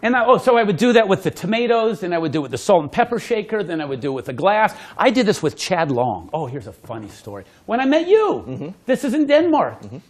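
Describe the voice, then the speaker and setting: A man, a magician, telling stories animatedly to a small audience, laughing often and loudly acting out the voices of the people in his stories. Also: a little high. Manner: lively, laughing, acts out quotes loudly. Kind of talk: animated storytelling with demonstration.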